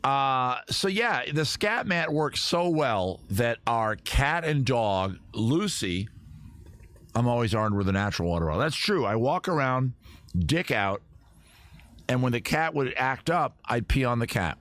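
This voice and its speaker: A man's voice: mid-range voice, expressive, measured pace, a bit bright. A man from Maryland hosting a casual livestream, rambling and joking as he reads viewer comments aloud. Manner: rambling, jokey, talks to chat and guests. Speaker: livestream host.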